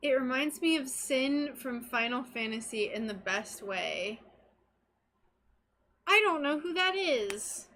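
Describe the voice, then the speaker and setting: Chatty, giggly high-voiced woman crafting. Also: animated, slow, pushed and bright. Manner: chatty and giggly, reads out viewer chat. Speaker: stained glass crafter streaming live. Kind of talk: casual live-stream chat while crafting.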